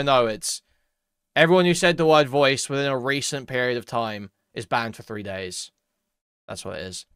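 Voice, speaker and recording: A man's voice: medium pitch, a bit bright, clear, resonant tone, no echo, studio quality. A man streaming live, giving casual commentary in a rambling, profane way while reading chat aloud.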